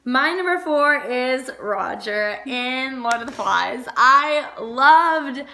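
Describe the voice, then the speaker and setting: Female, raised pitch, very bright tone, casual chat, gushing, many fillers. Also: expressive, slow, slight background noise. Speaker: vlogger.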